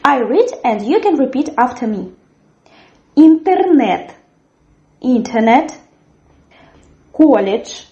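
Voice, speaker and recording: A woman teaching a language lesson, sounding out words slowly and cheerfully so viewers can repeat after her. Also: on the high side, big pitch swings, darkish tone. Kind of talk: slow, clear language lesson. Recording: echoey room, dull lo-fi sound.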